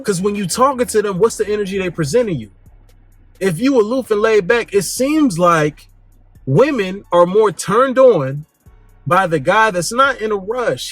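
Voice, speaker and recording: A blunt, slang-heavy man lecturing his listeners on dating with a slightly high, husky voice. He punches words with sharp pitch jumps and sudden drops. The sound is close and dry, with faint music underneath. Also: no room sound. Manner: blunt, slangy, emphatic, swings pitch up and down for emphasis. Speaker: dating advice host. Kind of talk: casual direct-to-camera monologue.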